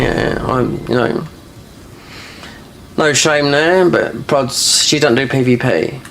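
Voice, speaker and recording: A man's voice: medium pitch, creaky, noisy background. A man with a South London accent chatting casually while he plays a game, rambling from one thought to the next with lots of "you know" and restarts. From London, England. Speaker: gaming streamer.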